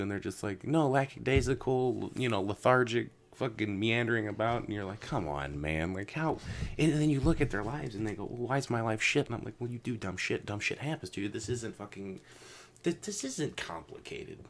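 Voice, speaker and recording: A man hosting a casual podcast, ranting with lots of swearing, jumping between loud outbursts and low mutters. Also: lively intonation, brisk. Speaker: podcast host.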